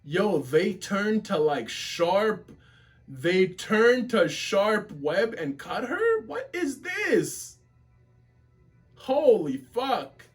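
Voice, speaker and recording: High, animated man reacting excitedly. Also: extremely slow, breathy edge, faint music behind. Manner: exclaims constantly, slangy and animated. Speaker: webtoon reaction streamer. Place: home office.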